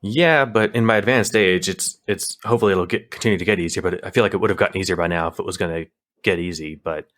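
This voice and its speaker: On a podcast he co-hosts, a man speaks fast in a low-pitched, fairly bright voice. He rambles casually, with lots of filler and frequent restarts.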